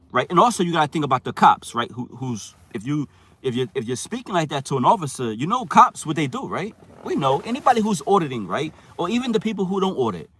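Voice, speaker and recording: A man's voice: mid-range voice, a bit bright. A man rambles through a casual livestream talk, speaking in a mid-range voice. He stumbles and repeats words, and he tags almost every point with a questioning "right?" aimed at his viewers. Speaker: channel host talking to live viewers.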